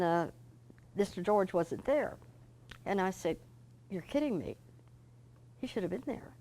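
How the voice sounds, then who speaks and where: Older woman, author guest, folksy and animated storyteller. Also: mid-range voice. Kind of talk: interview storytelling.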